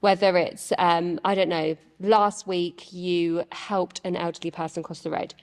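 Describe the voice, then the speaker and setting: A woman's voice: on the low side, little pitch movement, a little slow, darkish tone. Woman coaching, in a reverberant room. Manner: chatty, reassuring, coaching tone. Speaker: podcast co-host, coach. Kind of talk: casual chat.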